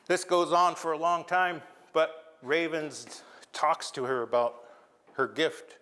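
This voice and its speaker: A male storyteller with a slightly high voice tells a traditional tale to a live audience in a lecture hall. He keeps it lively and engaging and turns to the listeners with friendly asides. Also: slow.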